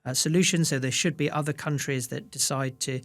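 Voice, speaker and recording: A man's voice: mid-range voice, steady tone, a little fast, a bit bright, no room sound. A man, a fund manager, answering interview questions with many restarts and fillers. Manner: hesitant restarts, many "you know"s.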